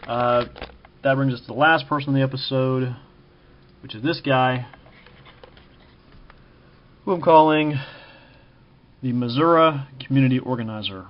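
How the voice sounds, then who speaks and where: Halting casual man from Kansas, lo-fi. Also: medium pitch. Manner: halting, frequent ums and uhs, self-correcting. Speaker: vlogger ranking TV preppers. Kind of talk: casual spoken commentary.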